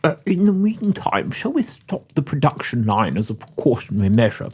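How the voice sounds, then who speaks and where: A man voicing a male elf helper in whispered role-play, speaking in a hushed, conspiratorial way. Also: mid-range voice, very animated, normal speed, husky, voice pushed down. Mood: dutiful. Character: Pepper, male elf, earnest and helpful.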